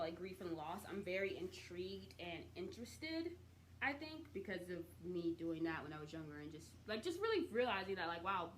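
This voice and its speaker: A woman's voice: on the low side, a little hiss or hum. Chatty young woman reviewing a show. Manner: chatty and expressive, with casual slang and swearing. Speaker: TV series reviewer. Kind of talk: casual recap vlog.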